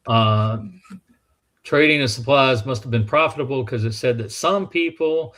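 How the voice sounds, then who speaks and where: A man's voice: medium pitch, normal speed, fairly bright tone, slight background noise. Southern-accented man, museum guest, easygoing anecdotal storyteller with frequent restarts. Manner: rambling anecdotal, with restarts and acted quotes. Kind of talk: casual storytelling chat.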